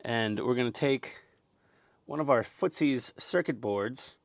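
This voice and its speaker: A man with a middle-pitched voice hosts a relaxed model-kit build, cracking jokes and rambling as he unpacks parts. He talks into a lapel mic, teasing himself along the way. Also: measured pace, creaky, no room sound. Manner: jokey, self-mocking, rambling. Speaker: host. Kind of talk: casual hobby build vlog.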